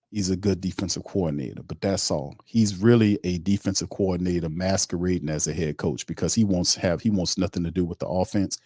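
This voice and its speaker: A blunt male sports host, talking in a very low voice as he rants about his team. His speech is casual and full of slang, with a cuss word now and then, and he stops to read comments from his viewers. It sounds close and dry, with no room echo. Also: mellow. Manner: reads viewer chat comments aloud.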